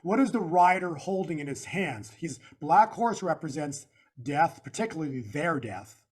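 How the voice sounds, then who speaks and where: A man with a somewhat high voice speaks as an interview guest. He explains slides point by point, stressing words and circling back to the same phrases in an emphatic, preacher-like way. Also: lively intonation, normal speed, breathy edge. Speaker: guest analyst. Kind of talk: interview walking through slides.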